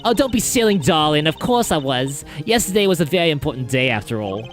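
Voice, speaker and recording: A player doing a flamboyant woman warden, game character, affected drawl, swooping pitch, theatrical. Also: very animated, moderate pace, faint music behind, lightly acted. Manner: affected, drawling, sprinkles French phrases.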